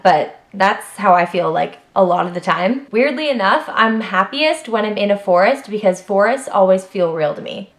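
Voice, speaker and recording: A chatty young woman talks straight to her camera, rattling through personal facts in an easy, unscripted way. Her voice sits at an ordinary middle pitch and leaps up when she gets worked up, with plenty of "like" and trailing asides. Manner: chatty and animated, lots of fillers, jumps up in pitch when emphatic. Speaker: vlogger.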